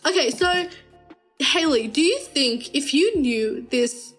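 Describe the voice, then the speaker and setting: A woman's voice: high-pitched, lively intonation, takes it slowly, a bit bright, soft background music. A young woman, telling a story in casual chat and laughing often. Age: young adult.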